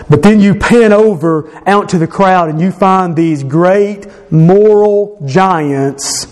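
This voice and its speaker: Speaking slowly with few pauses, this man has a high, slightly mellow voice that he raises a little as he preaches. He is a pastor giving an emphatic, earnest sermon in a conversational manner, frequently starting over and correcting himself.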